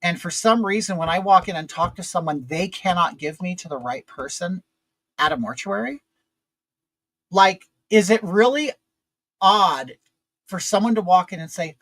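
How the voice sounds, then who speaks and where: A man's voice: high voice, animated, normal speed, a bit bright, dry recording, low-quality recording. A man hosting a casual chat, telling a frustrating story in an exasperated, rambling way with many fillers. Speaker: vlog host.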